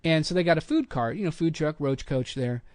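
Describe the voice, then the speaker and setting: A middle-aged voice actor hosts a podcast, spinning a long show-business tale in a casual, animated manner and performing the quotes himself. His pitch is fairly high and his pace brisk. There's no room sound.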